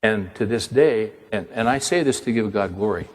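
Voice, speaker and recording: An older man preaching, telling a personal story in an animated way and acting out the dialogue. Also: lowish voice, moderate pace, long reverb tail, slight background noise. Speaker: pastor and author. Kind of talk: sermon storytelling.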